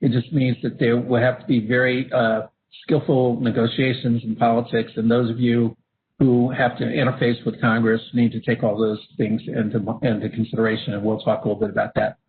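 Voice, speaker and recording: A man moderating a webinar and walking through slides, halting with many fillers and restarts, coughing at times. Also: mid-range voice, little pitch movement. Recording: phone-line audio with faint hiss.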